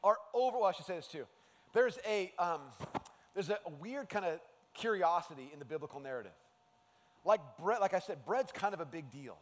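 A man preaching a sermon as a pastor, in an animated, conversational way. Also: sits high. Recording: long hall reverb.

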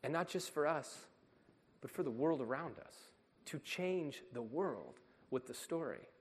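A man's voice: on the high side, lively intonation, unhurried. A man preaching a sermon as a pastor, in an earnest, emphatic way. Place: church sanctuary. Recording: long reverb of a church hall.

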